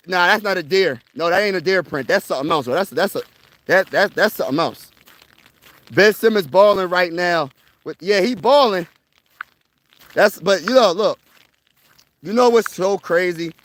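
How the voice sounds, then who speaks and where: A young man with a high voice does a casual livestream while walking a snowy wilderness trail outdoors, recorded dry. He's a sports vlogger covering his city's teams, excitable and slangy, and he repeats himself.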